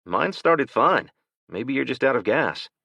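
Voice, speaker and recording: A man's voice: medium pitch, sing-song, a little slow, creaky, pushed and bright, breathy edge, no echo, pitched above the performer's own voice, heavily acted. A man voicing a protective father who takes charge with urgent, commanding speech. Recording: dull, dry lo-fi recording.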